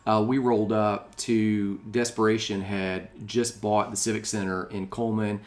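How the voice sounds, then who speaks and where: A man's voice: fairly low pitch, level tone, normal speed. A man hosting a podcast in casual chat, rambling and restarting his sentences, often laughing along with his guest. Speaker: podcast host.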